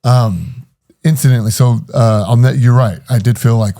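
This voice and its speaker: A man's voice: mid-range voice, normal speed, vocal fry, mellow. A middle-aged man telling his story in an interview, hesitant, with many fillers and restarts. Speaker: guest.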